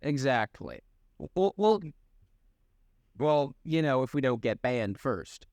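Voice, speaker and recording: Lively rambling young man, dry sound. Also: medium pitch, dry recording. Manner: rambling, halting, swears freely. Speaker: podcast co-host. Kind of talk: casual chat.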